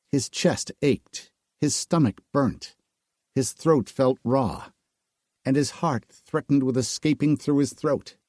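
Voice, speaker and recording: A man reading a dark fantasy audiobook aloud in slow, dramatic storytelling. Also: medium pitch, no room sound, clean studio sound. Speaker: audiobook narrator. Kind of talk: scripted narration.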